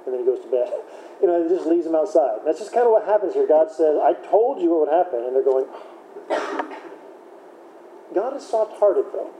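A man's voice: on the high side, animated, moderate pace, warm tone. Man teaching a casual Bible class. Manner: conversational, chatty, self-correcting with light laughs. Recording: echoey room with faint background noise.

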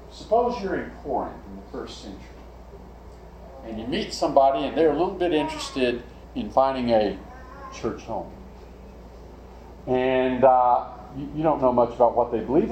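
A man's voice: medium pitch, sing-song, moderate pace, warm tone, reverberant, a little hiss or hum, low-quality recording. A man preaching a sermon in a conversational way, putting questions to his listeners. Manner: conversational, asks the congregation questions.

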